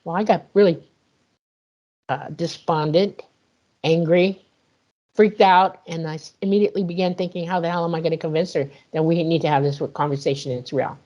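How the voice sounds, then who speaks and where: Woman, interview guest, low-ish voice, animated storytelling, acts out quotes. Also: brisk, dull audio. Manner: animated, vivid retelling with quoted dialogue. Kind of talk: emotional personal storytelling.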